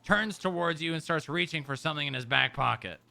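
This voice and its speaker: A man's voice: fairly high pitch, quick pace, gravelly, bright, forceful tone. A man running a roleplay scene, narrating what happens and asking questions in a teasing, matter-of-fact way.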